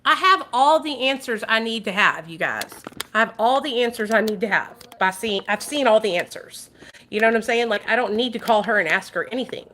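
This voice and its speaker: A woman streaming a casual chat, addressing her viewers directly and swearing freely. Her voice sits a little high and sounds bright and forceful. She talks in an animated, outspoken way. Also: brisk. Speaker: vlogger. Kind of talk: casual livestream commentary.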